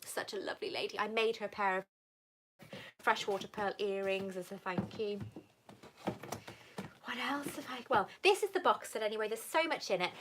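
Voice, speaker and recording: A woman in her thirties from Wales, hosting a casual live Q&A and chatting warmly with viewers, calling them "lover" and "sweetheart". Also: mid-range voice, normal speed, pauses often, noisy background. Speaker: livestream host answering viewer questions.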